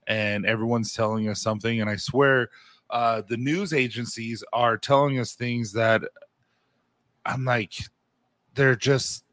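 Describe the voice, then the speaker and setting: A man's voice: medium pitch, fairly even intonation, measured pace, a bit bright, dry recording, studio quality. Laid-back rambling podcast co-host man. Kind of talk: casual chat.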